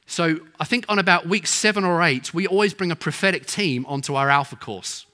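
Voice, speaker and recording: Bright-voiced man preaching. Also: a little high. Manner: storytelling, acts out quoted voices. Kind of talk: sermon.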